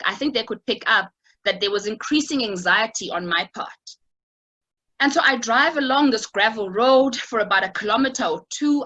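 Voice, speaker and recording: A woman's voice: on the high side, pushed and bright, highs cut off. A woman giving an online talk over a video call, telling a personal story in a reflective way with many small fillers.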